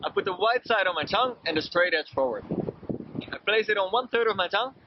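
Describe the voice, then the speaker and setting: A man's voice: high voice, lively intonation, quick pace. A man explaining step by step how to use a small whistle, with some hesitant fillers. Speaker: product demonstrator. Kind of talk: instructional demo. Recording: dull lo-fi with loud background noise.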